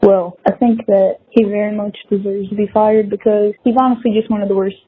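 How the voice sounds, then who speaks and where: A woman's voice: medium pitch, little pitch movement, a little fast, breathy edge. Woman caller on a tinny phone line. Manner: blunt, earnest criticism. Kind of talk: recorded fan comment. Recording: tinny phone line with faint background noise.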